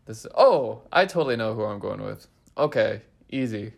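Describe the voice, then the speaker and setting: A young man co-hosting a casual podcast chat, playful and animated, thinking out loud. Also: lowish voice, normal speed, creaky. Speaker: podcast co-host, resident assistant.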